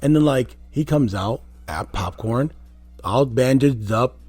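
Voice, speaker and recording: A man, a former wrestler, telling rambling, animated stories in a casual interview. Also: mid-range voice, measured pace, husky, no echo, faint music behind. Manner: rambling, animated anecdotes with quoted voices.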